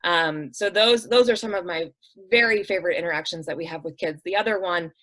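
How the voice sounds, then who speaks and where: Her voice is on the low side, fairly quick and a bit bright, and the audio is poor. As a nonprofit director guesting on an interview show, she earnestly tells heartfelt stories in conversation, acting out quoted voices and filling her speech with "um" and "like."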